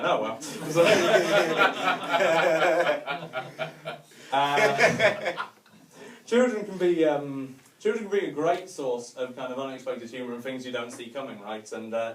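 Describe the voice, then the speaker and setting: A man's voice: mid-range voice, measured pace, a crowd in the background. A man doing a rambling, self-mocking stand-up set with lots of fillers, in a hotel venue room. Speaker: stand-up comedian. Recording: echoey room mic from a distance.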